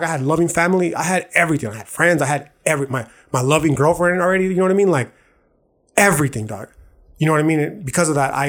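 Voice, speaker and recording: A man, hosting a podcast and telling a personal story in casual, confessional talk full of slang and restarts. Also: a little high. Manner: casual slangy talk, says "dog" and "bro" often; earnest, confessional, with many restarts. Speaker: podcast host.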